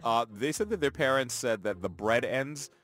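A man's voice: medium pitch, moderate pace. A man hosting a morning radio show in a studio, chatting casually and reading out listener texts. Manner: relaxed, reads out listener texts, chuckles often.

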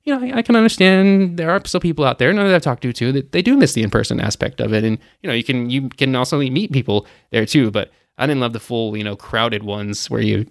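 A man's voice: mid-range voice, animated, fast, creaky, few pauses, no room sound, studio quality. A man hosting a travel news podcast, running through the news in a casual, opinionated way with lots of fillers. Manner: chatty and opinionated, many "you know" fillers. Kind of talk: casual news rundown with commentary.

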